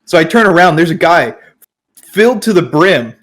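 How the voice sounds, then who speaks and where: A man's voice: on the high side, lively intonation, moderate pace, a bit bright, a little hiss or hum. A man telling a short story on a casual podcast, hesitant and laid-back. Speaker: podcast co-host.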